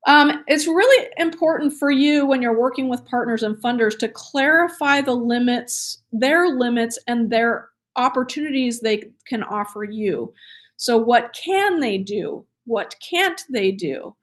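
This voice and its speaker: Energetic woman teaching a class. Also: on the high side, unhurried. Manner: energetic and enthusiastic; chatty, with fillers and laughs. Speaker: instructor. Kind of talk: recorded training lecture.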